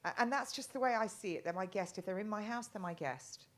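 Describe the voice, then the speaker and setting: A woman's voice: mid-range voice, fast talker. A middle-aged woman from England talking as a guest in a casual live chat, rambling with many restarts and ums.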